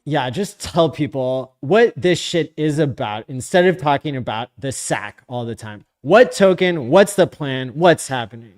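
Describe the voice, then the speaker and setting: A man's voice: medium pitch, animated, a little slow, hardly any pauses. Blunt, sarcastic man on a live stream. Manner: blunt, sarcastic, profane, often laughing. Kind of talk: casual live stream reading chat comments.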